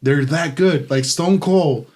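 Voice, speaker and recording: A man's voice: fairly high pitch, takes it slowly, darkish tone. A man co-hosting a podcast in casual chat, rambling with lots of fillers and swearing. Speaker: podcast co-host.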